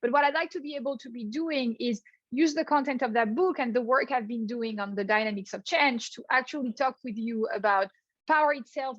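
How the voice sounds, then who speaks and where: A woman's voice: fairly high pitch, fairly bright tone, dry recording, muffled recording. French-accented woman lecturing over a video call. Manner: earnest, repeats small words when starting a thought. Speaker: guest speaker, professor. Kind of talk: online workshop lecture.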